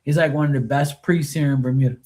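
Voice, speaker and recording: A man's voice: a little high, steady tone, fast talker, darkish tone. A man chatting casually on a live tarot stream, rambling and swearing freely. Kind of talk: casual livestream chat.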